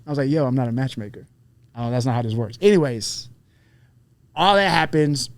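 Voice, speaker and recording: A man telling a story in casual podcast chat, profane and animated, acting out the people he quotes. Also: medium pitch, fairly quick, pauses often, dry recording. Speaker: podcast guest, fighter.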